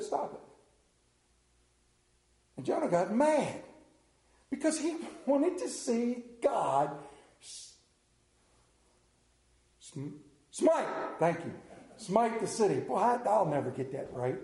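A male pastor preaching a sermon, animated and self-deprecating, acting out scripture as he goes. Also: sits high, slow pace, long pauses, reverberant.

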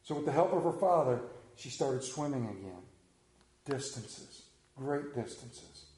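Mellow-voiced preacher in an echoey room. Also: male voice, medium pitch, a little slow. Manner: animated storytelling, drops to a hushed voice for emphasis. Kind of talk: sermon with storytelling.

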